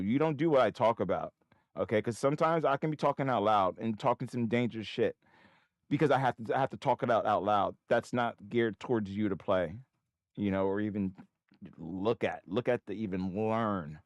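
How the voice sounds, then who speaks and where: A man's voice: on the low side, moderate pace, no room sound. A man streaming his day trading, swearing at himself, lecturing viewers, and muttering to himself between trades. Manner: profane, self-critical, talks to himself; excitable outbursts between mumbled asides. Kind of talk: live trading commentary.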